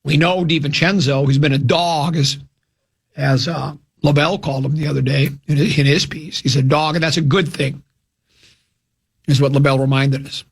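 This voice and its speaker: Man, sports radio host, gravelly husky voice, rambling casual talk, studio mic. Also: on the high side, fairly even intonation, normal speed. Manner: rambling, restarts, dry self-mocking asides. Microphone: studio microphone.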